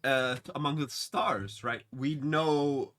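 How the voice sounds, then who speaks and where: A man's voice: mid-range voice, slow, fairly bright tone. A man casually recapping a TV episode, rambling with many fillers and restarts. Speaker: TV episode reviewer.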